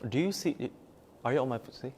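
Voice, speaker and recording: A man's voice: mid-range voice, lively intonation, brisk, a little mellow, slight background noise. A man leading a live-streamed meditation teaching, talking emphatically, repeating key words for stress, and reading out and answering viewers' comments. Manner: reads viewers' comments aloud and replies. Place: meditation room at a forest retreat.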